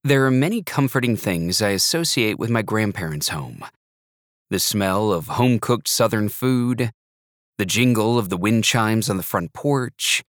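A man with a low voice reads a first-person novel aloud, wry and measured in his delivery. The recording is dry and close, with no echo at all. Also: fairly bright tone. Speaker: narrator. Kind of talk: first-person audiobook narration.

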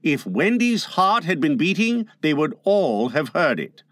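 Slow, expressive male storybook narrator. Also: fairly high pitch, no room sound, clean studio sound. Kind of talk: audiobook reading.

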